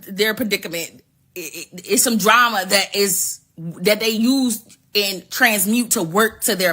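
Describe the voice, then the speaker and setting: Woman, show host, casual political commentary, profane, high pitch. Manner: profane, animated storytelling.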